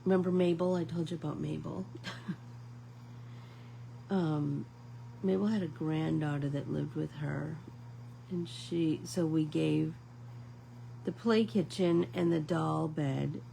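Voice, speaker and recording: Low, gravelly middle-aged woman. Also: steady tone, takes it slowly, pauses often, warm tone, slight background noise, low-quality recording. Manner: chatty, rambling storyteller; talks to viewers as friends. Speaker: art class host. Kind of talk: casual live painting class.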